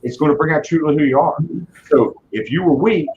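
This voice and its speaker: A man's voice: fairly high pitch, lively intonation, a little fast, slight background noise. Earnest male business guest, repeats himself, muffled lo-fi audio. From Virginia, US. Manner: earnest, repeats words when starting thoughts. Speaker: car dealership leader, guest. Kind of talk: casual interview talk. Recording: dull lo-fi audio.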